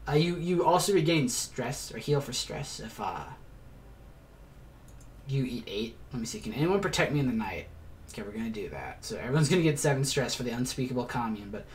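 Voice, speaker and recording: A man's voice: on the high side, slight background noise. A man giving casual gameplay commentary as a let's player, chatty, explaining as he plays, swearing now and then and muttering asides to himself.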